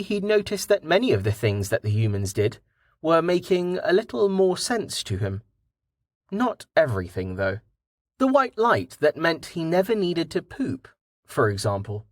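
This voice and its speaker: Unhurried expressive male narrator. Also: mid-range voice, no room sound, clean studio sound. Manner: measured, expressive reading. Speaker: audiobook narrator. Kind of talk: scripted narration.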